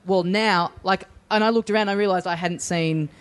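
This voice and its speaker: A man's voice: high voice, steady tone, fast. An Australian man on a podcast, casually rambling through a funny anecdote and acting out the dialogue. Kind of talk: casual comedic chat.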